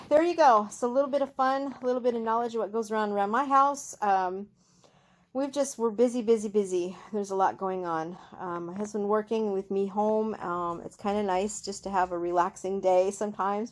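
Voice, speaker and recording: An older retired woman chatting in a rambling way in a casual home vlog, filmed on a handheld phone in her living room. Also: medium pitch. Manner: chatty, rambling, with many fillers and restarts. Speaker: home crafter and small-business owner. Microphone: handheld phone camera.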